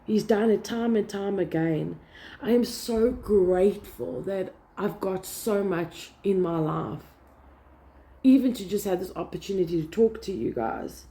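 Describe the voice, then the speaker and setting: A woman's voice: mid-range voice, measured pace, warm tone. Earnest woman sharing faith. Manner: earnest, emphatic, repeats key words. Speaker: Christian vlogger. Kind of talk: casual devotional talk.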